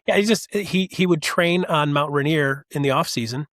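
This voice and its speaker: A man telling animated stories as a podcast guest, acting out the voices of people he quotes. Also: on the high side, moderate pace, dry recording, clean studio sound. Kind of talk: casual storytelling chat.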